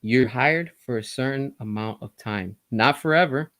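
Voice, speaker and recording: A man delivers casual, opinionated commentary at a mid-range pitch, pressing his points and addressing his viewers directly. The recording is dry and close, with no room sound around him. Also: moderate pace, fairly bright tone, no room sound. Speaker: entertainment news commentator.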